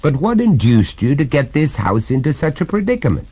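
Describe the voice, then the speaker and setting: A man playing an indignant, formal gentleman householder who speaks pompously and with exasperation on a story record. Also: fairly high pitch, sing-song, brisk, slightly rough, voice pushed up, heavily acted. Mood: sardonic. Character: indignant, proper old-fashioned English gentleman householder.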